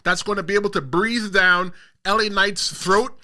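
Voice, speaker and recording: Bright, high-voiced man hosting a podcast. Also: steady tone, moderate pace. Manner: emphatic, talks over others, reads chat aloud. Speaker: podcast host and wrestler. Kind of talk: casual podcast chat.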